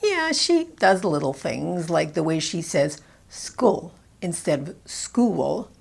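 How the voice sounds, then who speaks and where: A woman with a Canadian accent, a pronunciation coach giving instructional commentary and modeling words slowly and clearly. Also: low-pitched, sing-song. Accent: Canadian English.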